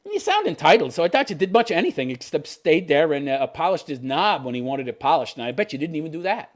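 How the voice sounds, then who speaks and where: A man's voice: a little high, expressive, quick pace. A man in his fifties hosting a podcast, ranting with profane, sarcastic commentary. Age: 50s. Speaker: podcast host.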